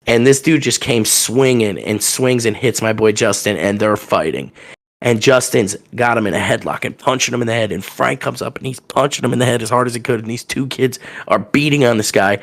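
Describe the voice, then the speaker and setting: A young man from telling a rowdy story on a podcast, acting out the people in it with loud raised voices. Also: medium pitch. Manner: animated, acts out quotes with loud raised voices. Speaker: podcast guest telling stories. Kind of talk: casual storytelling.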